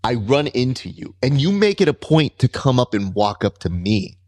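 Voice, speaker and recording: Animated man hosting a grappling podcast. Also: moderate pace. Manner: animated storyteller, jumps high when quoting himself. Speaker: podcast host. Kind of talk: casual interview chat.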